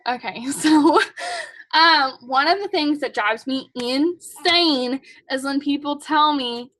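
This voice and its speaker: A young woman talks to her team in a casual, pushy pep-talk style, leaning on "like" and "um." Her voice sits high and bright. The recording is dry and close, with no room sound. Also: takes it slowly, dry recording. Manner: chatty, emphatic, says "like" and "um" a lot; blunt and pushy. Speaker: team leader at a sales kick-off meeting.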